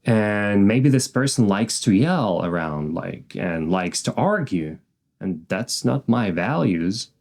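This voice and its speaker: Animated low-voiced man coaching. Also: slow pace. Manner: emphatic, animated, occasionally swears. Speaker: self-help coach. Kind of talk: motivational self-help talk.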